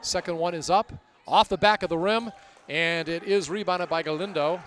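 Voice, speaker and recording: Excitable man calling basketball play-by-play. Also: sits high, moderate pace. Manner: excitable, rises sharply during plays. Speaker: play-by-play announcer. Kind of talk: live basketball commentary.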